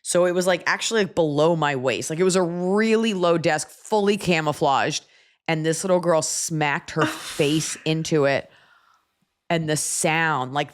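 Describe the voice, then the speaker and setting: A woman hosting a podcast, telling a story in a casual, animated way with profane asides. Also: deep voice, normal speed. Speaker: podcast host.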